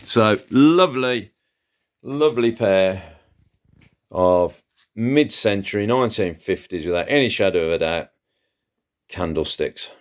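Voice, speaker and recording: A man's voice: on the low side, expressive, measured pace, long pauses. A man who hosts a vlog and chats with enthusiasm as he shows off his antiques haul, with frequent fillers. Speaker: antiques seller and channel host. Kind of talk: casual haul vlog, showing items.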